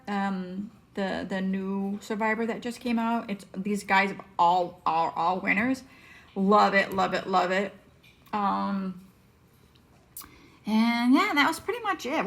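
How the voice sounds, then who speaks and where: A woman vlogging casually at home with a handheld camera, chatty and quick to laugh. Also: mid-range voice, a bit bright. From Southern United States. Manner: chatty, laughs often, coos at pets. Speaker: vlogger, mom. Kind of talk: casual vlog chat. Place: home and snowy backyard.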